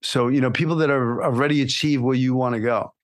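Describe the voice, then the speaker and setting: A man delivers a motivational monologue to aspiring actors on his podcast. His voice sits at a middling pitch, and he coaches with energy, pushing his listeners and checking in with a "right?" after his points. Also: brisk. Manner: energetic, coaching, repeats "right?" and "you know". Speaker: podcast host and acting coach.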